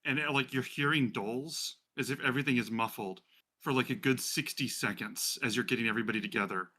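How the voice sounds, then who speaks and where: A man's voice: medium pitch, fairly quick, sharp tone. A man running a tabletop role-playing game, narrating in a chatty way with many fillers. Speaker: game master.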